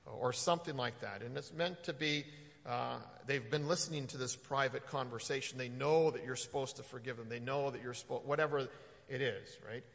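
A man giving a conversational sermon as a pastor, halting often with fillers and restarts. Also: mid-range voice, vocal fry, a bit bright, in a large hall.

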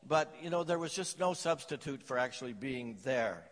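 A man's voice: medium pitch, expressive, normal speed, in a large hall. A man preaching a sermon, telling stories and jokes to his congregation. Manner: storytelling with jokes and anecdotes. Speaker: pastor.

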